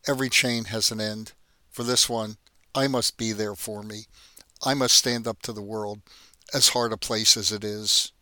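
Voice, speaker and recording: A man voicing a guarded, sharp-witted young woman working as a hotel maid. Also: fairly low pitch, steady tone, normal speed, dry recording. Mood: tender resolve. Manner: polite, composed, quietly defiant.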